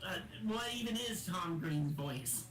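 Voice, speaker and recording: A man's voice: high voice, animated, a little slow, loud music behind the voice. Teasing man in an echoey room. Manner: teasing, stumbling restarts. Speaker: friend on stream. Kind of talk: casual chat.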